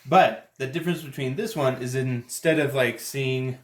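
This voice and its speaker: A man's voice: mid-range voice, moderate pace, roomy sound. A man casually demonstrating a card game, talking through his moves as he plays. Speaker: game explainer.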